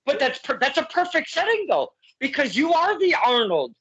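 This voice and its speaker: A man hosting a casual interview, excitable and quick to laugh. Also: very high voice, muffled recording. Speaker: interview host.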